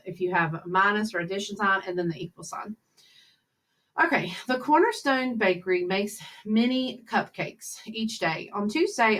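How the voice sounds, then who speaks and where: A woman's voice: medium pitch, fairly bright tone. A woman teacher talking students through fraction problems in a recorded lesson, chatty and upbeat, thinking aloud as she works each step. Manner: chatty, upbeat, talks to kids while working problems aloud. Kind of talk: recorded math lesson over slides.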